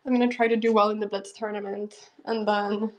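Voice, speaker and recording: A woman's voice: mid-range voice, level tone, fairly quick, poor audio. A young woman chatting casually to her viewers on a live stream, laughing often and thanking them. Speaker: chess streamer.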